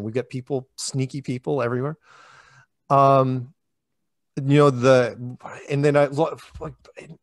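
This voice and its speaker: Rambling, animated man in a dry room. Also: medium pitch, no room sound. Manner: animated, rambling, acts out quoted dialogue. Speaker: interviewee, flat earth public speaker. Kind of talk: casual storytelling interview.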